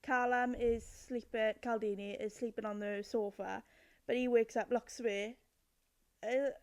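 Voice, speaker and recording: A woman's voice: on the high side, unhurried. A woman on a podcast, telling a story in casual chat and acting out the quotes. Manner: lively storytelling, acts out quotes.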